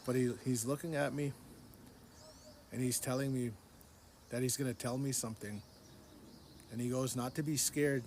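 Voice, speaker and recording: A man's voice: medium pitch, level tone, moderate pace, pauses often, a little mellow, a little hiss or hum. A man telling a story in casual speech to a phone, earnest, repeating his phrases and restarting sentences. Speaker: social media storyteller.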